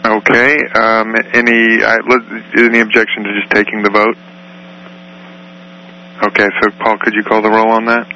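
A man chairing a committee meeting by phone, reading out the agenda in a measured, procedural way. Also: fairly low pitch, monotone, pushed and bright, a little hiss or hum, low-quality recording. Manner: measured, procedural, reads out items.

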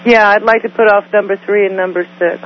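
A woman's voice: mid-range voice, steady tone, quick pace. Direct woman calling in on a muffled phone. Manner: direct, makes motions plainly. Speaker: committee member. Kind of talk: phone conference meeting.

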